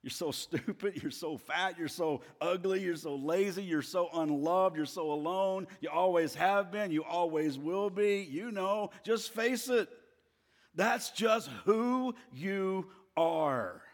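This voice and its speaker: A man voicing a taunting male devil in a sermon, speaking in a low, hushed, mocking way. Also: takes it slowly, in a large hall.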